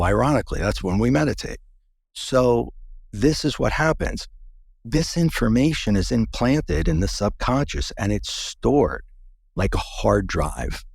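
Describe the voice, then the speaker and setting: Male interview guest, low gravelly husky voice, earnest storyteller who restarts sentences, dry close sound. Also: darkish tone, dry recording.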